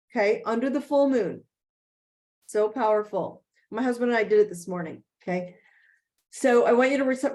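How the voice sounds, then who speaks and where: A woman's voice: a little high, a little mellow. A woman hosting a motivational coaching session and Q&A on a video call, speaking emphatically and checking in with "okay?". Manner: emphatic, repeats key phrases, frequent "okay?" check-ins. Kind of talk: motivational talk and Q&A.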